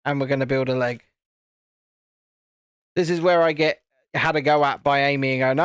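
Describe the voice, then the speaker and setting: A man's voice: mid-range voice, steady tone, moderate pace, pauses often, a bit bright, clean tone, no room sound, clean studio sound. A British man hosting a live stream, chatting casually in a rambling way and often restarting his sentences. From United Kingdom. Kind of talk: casual live-stream chat while building.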